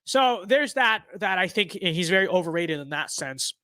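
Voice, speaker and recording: A man's voice: sits high, lively intonation, moderate pace, bright, forceful tone, no echo. A young man with a stuffy nose, giving blunt, sarcastic and rambling political commentary in a casual livestream.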